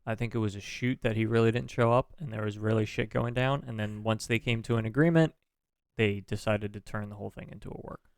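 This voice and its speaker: A man's voice: lowish voice, steady tone, brisk, clean tone, no echo, clean studio sound. A man co-hosting a podcast, talking casually about wrestling, hedging and swearing freely with many fillers. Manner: profane, hedging, thinks aloud with many fillers. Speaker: podcast co-host.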